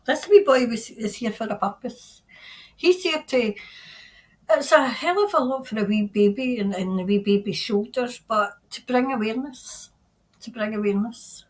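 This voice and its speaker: A middle-aged woman giving a spontaneous tarot reading, earnest and halting, often repeating her phrases. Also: on the high side, low-quality recording. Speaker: tarot reader.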